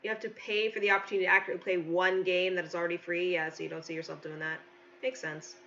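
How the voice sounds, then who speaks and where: A woman's voice: lowish voice, level tone, rapid-fire, fairly bright tone, muffled recording, a little hiss or hum. A woman streaming a card game live, chatting casually with wry, self-deprecating remarks. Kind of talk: casual live-stream commentary while playing.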